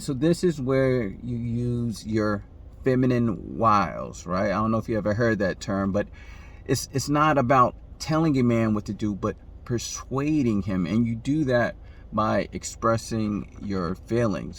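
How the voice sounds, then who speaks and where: A man's voice: unhurried, a little hiss or hum. Chatty man giving relationship advice. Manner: conversational, keeps asking "right?", acts out quoted voices with jumps in pitch. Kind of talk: casual advice monologue to camera.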